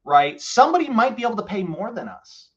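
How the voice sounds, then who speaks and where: A man's voice: high voice, fairly quick, slightly rough, highs cut off. Upbeat male real estate host. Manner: energetic, explains to viewers with frequent "right?". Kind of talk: live stream phone call and coaching.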